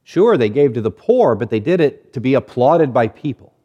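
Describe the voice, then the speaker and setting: A man preaching a sermon, measured and deliberate, stretching key words and letting phrases fall quiet at the end. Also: very animated, dull audio. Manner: drops low and quiet at phrase ends. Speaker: pastor.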